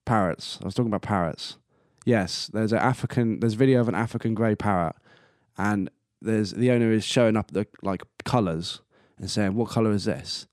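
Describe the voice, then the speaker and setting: A man's voice: fairly low pitch, a little fast, a little mellow, dry recording, clean studio sound. A man hosting a casual solo podcast, rambling and chatty, swearing casually and laughing at himself. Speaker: podcast host.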